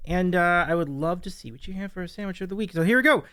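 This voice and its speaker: A man's voice: sits high, quick pace, a bit bright, clean tone, dry recording. A man hosting a casual live stream who laughs often and thanks viewers by name. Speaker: stream host.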